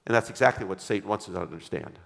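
A man's voice: fairly low pitch, very fast, gravelly. A man preaching a sermon as pastor, emphatic, repeating his refrains and having the congregation read along. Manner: leads the congregation in reading aloud. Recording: long hall reverb.

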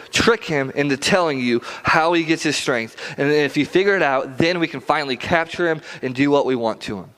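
A man's voice: on the high side, animated, moderate pace, a bit bright. A male preacher giving a casual sermon, conversational, with rhetorical questions and slangy asides.

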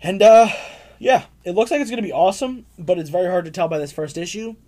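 A man's voice: high voice, quick pace, mellow. Rambling young man reviewing comics. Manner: rambling, filler-heavy, laughs often. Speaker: comic book podcast co-host. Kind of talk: casual review chat.

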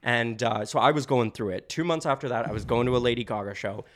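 A young man, a podcast guest, telling stories in a casual, animated way and laughing often. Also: medium pitch, fast talker. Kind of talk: casual storytelling.

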